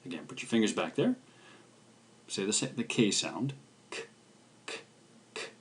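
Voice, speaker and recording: A man's voice: lowish voice, very animated, slight background noise. A man teaching a language lesson, carefully pronouncing syllables and repeating each one. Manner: slow, careful pronunciation of syllables with repetition. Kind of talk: scripted video lesson.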